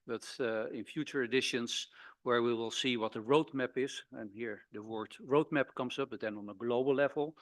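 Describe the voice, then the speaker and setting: An older man delivers a conference presentation at a middle pitch. He talks hesitantly, restarting and repeating words as he goes. The sound is dry and close, with little room. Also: no echo. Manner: hesitant, repeats words while searching for them. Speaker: conference speaker.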